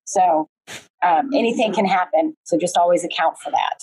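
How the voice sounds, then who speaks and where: Casting: woman, husky voice, chatty guest storyteller on a video call. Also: fairly low pitch, normal speed, darkish tone, poor audio. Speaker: guest, painting business owner. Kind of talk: casual conversational interview. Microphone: remote video call.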